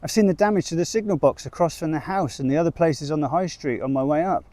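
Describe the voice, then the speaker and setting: A man's voice: a little high, fast talker, mellow, no room sound, pitched above the performer's own voice, lightly acted. A man voicing a polite, hesitant woman new to a village, speaking in a raised, careful voice. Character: polite, hesitant young-ish newcomer woman.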